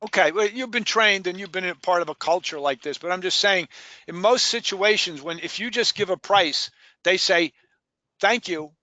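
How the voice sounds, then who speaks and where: A man leading a sales training session in a lively, emphatic way, repeating key points and questioning his trainees. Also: high voice, moderate pace, no room sound.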